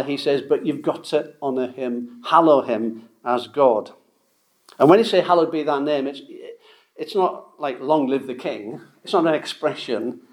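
A man preaching a sermon, emphatic and repeating key phrases for stress. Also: mid-range voice.

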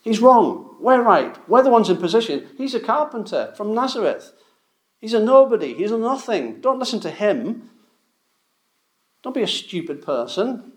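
A preacher mimicking a sneering arrogant religious leader. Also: male voice, high voice, sing-song, moderate pace, echoey room, pitched above the performer's own voice. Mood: scornful. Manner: scornful, mocking, talking down.

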